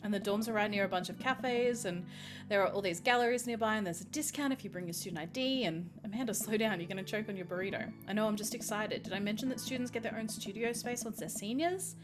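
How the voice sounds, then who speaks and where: A bubbly, excited teenage daughter who can't wait to start art school, as a woman reads her lines. She chatters eagerly and speaks in a mid-range voice, with game music playing behind her. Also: medium pitch, quick pace, natural voice. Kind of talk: reading game dialogue aloud.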